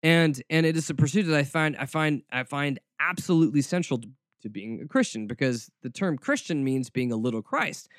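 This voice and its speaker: A man's voice: on the high side, lively intonation, fairly quick, dry recording. A man hosting a podcast, talking in a snarky, rambling monologue with frequent restarts, close to the mic. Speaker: podcast host. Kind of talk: casual monologue.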